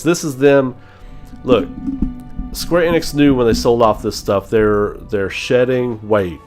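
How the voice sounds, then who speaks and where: A man hosting a gaming channel, chatting casually on a live stream in an animated, profane way, laughing often. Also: mid-range voice, takes it slowly, soft background music.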